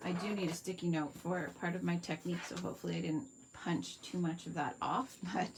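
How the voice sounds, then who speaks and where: A woman's voice: fairly low pitch, steady tone, brisk, vocal fry, noisy background. A Canadian woman hosting a live craft tutorial, chatting viewers through each step at her workspace and answering their comments. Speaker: card-making demonstrator.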